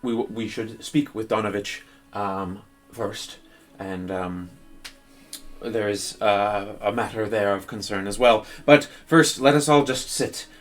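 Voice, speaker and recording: A man voicing a weary young nobleman who speaks formally in halting, pause-filled sentences. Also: lowish voice, faint music behind, pitched below the performer's own voice, lightly acted. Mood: grave.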